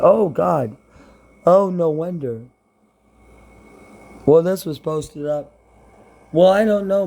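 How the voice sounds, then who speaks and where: A man's voice: fairly high pitch, warm tone, breathy edge. A man from Brooklyn, rambling and swearing bluntly as he talks to his camera. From Brooklyn, New York. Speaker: vlogger.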